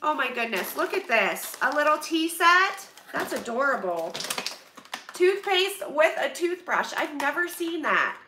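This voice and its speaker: Woman, 30s, high voice, bubbly livestream chat, distant mic, noisy background. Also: sing-song, measured pace. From Pennsylvania, USA. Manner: chatty, bubbly, exclaims often, laughs a lot. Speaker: vlogger opening donations on a livestream. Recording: echoey room, voice away from mic, background noise.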